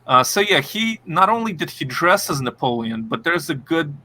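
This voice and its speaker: A man's voice: on the high side, big pitch swings, moderate pace, bright, forceful tone. A man co-hosting a podcast, chatting casually with many fillers and restarts. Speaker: podcast co-host. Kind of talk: casual chat.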